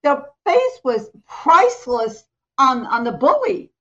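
An American woman co-hosting a talk show, telling a story in a lively way, acting out the voices of the people in it and laughing often. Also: sits high, takes it slowly, muffled recording. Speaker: co-host and prophetic minister.

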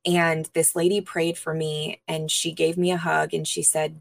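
A woman interview guest, a minister, earnestly telling her personal testimony with pauses and frequent fillers. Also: low-pitched, level tone, gravelly.

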